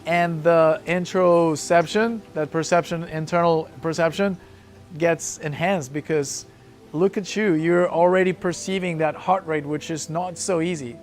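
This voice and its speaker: A man's voice: a little high, steady tone, measured pace, faint music behind. A man coaching a breath-hold session, encouraging the group and calling out hold times.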